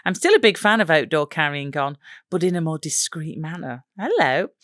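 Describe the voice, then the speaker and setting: English woman, podcast co-host, lower voice, giggly storytelling, dry studio sound. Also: sing-song, normal speed, a bit bright, dry recording. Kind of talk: casual chat, reading listener stories.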